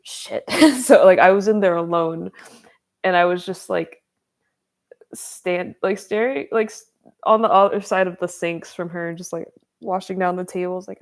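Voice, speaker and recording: Chatty young woman with a gravelly voice. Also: on the low side, level tone, moderate pace. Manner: chatty, filler-heavy, laughs often. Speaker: streamer. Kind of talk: casual storytelling chat.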